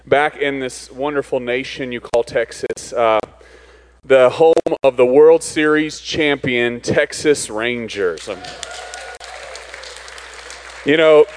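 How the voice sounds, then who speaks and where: A man's voice: medium pitch, slow pace, long pauses, a faint crowd, poor audio. A visiting pastor from Arizona speaks to a church congregation. He delivers his sermon in an easygoing, conversational way and slips in jokes as he goes. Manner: joking, conversational preaching. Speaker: guest pastor. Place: church sanctuary.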